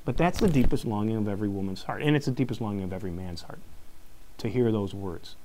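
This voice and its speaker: A man, a high school teacher, giving a live conference talk, telling a story and acting out each exchange with frequent laughs. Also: quick pace. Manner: animated storyteller, acts out quotes, laughs often.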